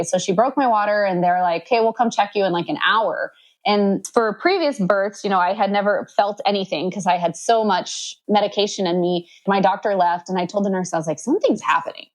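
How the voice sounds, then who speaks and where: Chatty woman retelling a story with lively quotes. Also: a little fast, rough recording. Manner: acts out quoted dialogue with sudden high pitch jumps; chatty, many "like" fillers. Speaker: podcast guest telling her birth story. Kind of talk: casual storytelling.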